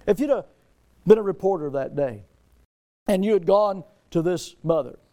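Male pastor, middle-aged, raised but warm voice, dramatic sermon delivery full of rhetorical questions. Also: high-pitched, lively intonation, normal speed. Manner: dramatic preaching, rhetorical questions, repeated phrases.

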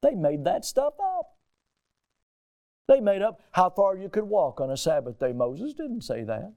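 High-voiced man preaching a fiery sermon. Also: sing-song, a little slow. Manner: emphatic, rhetorical questions, sudden rises in pitch and loudness. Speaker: pastor.

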